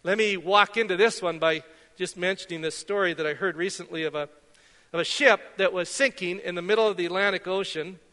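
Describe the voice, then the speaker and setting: Bright-voiced pastor preaching in an echoing church. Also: male voice, sits high, brisk. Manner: conversational, self-deprecating, tells anecdotes. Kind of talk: sermon. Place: church sanctuary. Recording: long reverb of a church hall.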